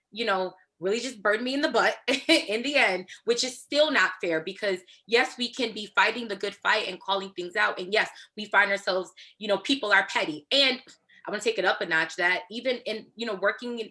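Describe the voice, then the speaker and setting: Woman, podcast guest, candid and chatty, bright clear tone. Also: mid-range voice. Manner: candid, thinks aloud with fillers. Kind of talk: casual panel discussion.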